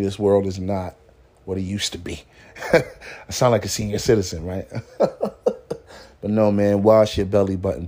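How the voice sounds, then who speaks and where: This motivational podcast host has a mellow voice on the low side. He talks in a relaxed, slang-heavy way, repeating "man," swearing freely and laughing along with his own stories.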